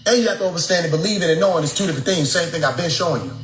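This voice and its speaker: Young man, slightly high voice, animated and preachy storyteller who swears freely, echoey room with faint noise. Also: very fast. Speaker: speaker addressing his followers. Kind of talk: casual storytelling lecture.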